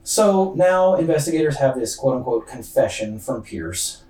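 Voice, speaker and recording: A man hosts a true-crime podcast in a relaxed, rambling way, full of slang and fillers. His pitch sits in the middle range. He sounds distant and echoey because a laptop microphone picked him up from across a roomy space. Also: moderate pace. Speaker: podcast host. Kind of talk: casual true-crime storytelling. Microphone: laptop's built-in mic. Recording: distant roomy computer-mic recording.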